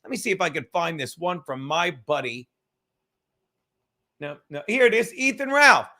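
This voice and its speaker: A man's voice: a little high, big pitch swings, normal speed, bright, forceful tone. A man hosting a comedy podcast from his apartment, ranting in a profane, mocking, sarcastic way. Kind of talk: casual sarcastic rant. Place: home apartment.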